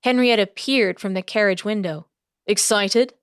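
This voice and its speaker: Woman reading an audiobook, steady storytelling, mid voice, dry no room. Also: medium pitch, normal speed, clean tone, dry recording. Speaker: audiobook narrator. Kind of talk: scripted audiobook narration.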